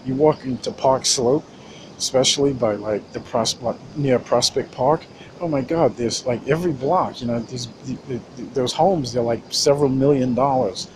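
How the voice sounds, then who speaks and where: A man's voice: mid-range voice, normal speed, background noise. A man ranting in a casual, rambling monologue, cursing often and restarting his sentences. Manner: rambling, profane, many restarts and fillers.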